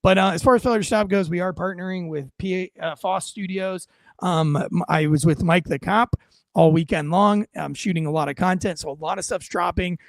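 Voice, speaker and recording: A man hosting a podcast in a dry studio, his voice high and rough with vocal fry. He talks in casual, punchy commentary, stressing his points hard and filling gaps with "um" and "uh". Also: a little fast, no echo. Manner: emphatic, punchy, with many fillers. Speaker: podcast host.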